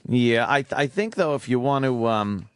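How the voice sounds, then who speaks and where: A man's voice: mid-range voice, moderate pace, clear, resonant tone. A man co-hosting a radio show, swearing freely and reacting a lot. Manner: profane, lively reactions. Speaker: radio co-host. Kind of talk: casual radio chat.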